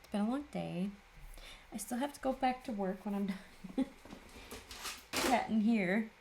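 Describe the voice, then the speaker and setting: A woman's voice: medium pitch, a little slow, gravelly, background noise. A woman hosting a papercraft video, chatting casually and tiredly as she works, often laughing at herself. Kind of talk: casual chat while crafting.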